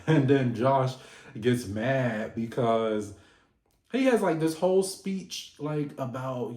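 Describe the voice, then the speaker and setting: A man giving an animated, gossipy casual recap of a reality TV episode, laughing often. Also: mid-range voice, takes it slowly, reverberant.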